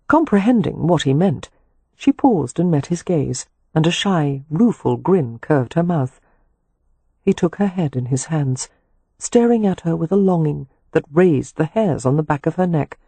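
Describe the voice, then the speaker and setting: A man narrating a romance audiobook in a slow, sensual, measured reading. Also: on the high side, lively intonation, creaky, warm tone, husky, no echo. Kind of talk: scripted narration.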